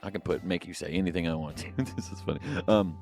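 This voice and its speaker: A man's voice: low voice, quick pace, darkish tone, soft background music. A man co-hosting a podcast alone, rambling casually with jokes and filler words. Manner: rambling, jokey, lots of fillers and asides. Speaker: podcast co-host. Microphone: headphones and studio mic.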